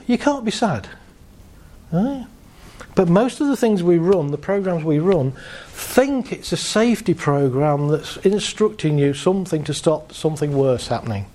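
Speaking in a high-pitched voice, a male therapist leads a group through a visualization exercise with calm guidance and a light laugh between points.

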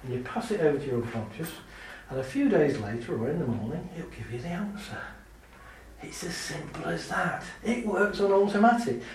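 A man giving a talk to a live audience, lively and chatty, laughing often and acting out little scenes. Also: fairly high pitch, distant mic, slight background noise. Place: large hall with an audience. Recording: very echoey hall, speaker off mic.

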